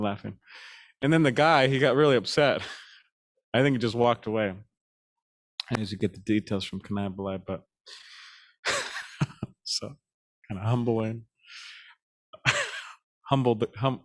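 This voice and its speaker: A man giving a devotional class, speaking in a halting way with many fillers and restarts, chuckling now and then as he tells stories. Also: mid-range voice. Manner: chuckles while telling stories.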